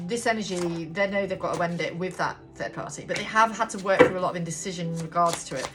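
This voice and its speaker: A woman giving a casual tarot reading, talking bluntly, swearing freely and rambling on. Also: medium pitch. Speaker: tarot reader. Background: background music.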